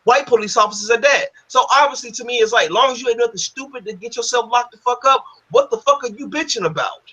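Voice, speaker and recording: A man's voice: very high voice, fast, bright, forceful tone, slightly rough. A man hosting a casual discussion, ranting in a heated, profane, emphatic way. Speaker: podcast host. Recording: dull lo-fi audio.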